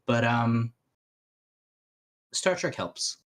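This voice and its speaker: A man's voice: medium pitch, very slow. A man chatting casually on a watch-along voice call, rambling through stories and laughing often. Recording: voice chat call.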